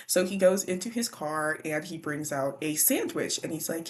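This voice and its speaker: A woman casually recapping a children's book, animated and slangy. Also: low-pitched, moderate pace, few pauses. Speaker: book vlogger.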